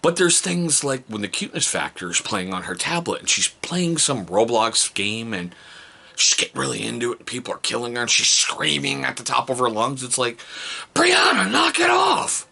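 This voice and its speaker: A man's voice: a little fast, vocal fry, breathy edge. A middle-aged man telling stories about his kids in a casual, joking vlog. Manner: animated, jokey, mimics his kids in high voices. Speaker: vlogger, father.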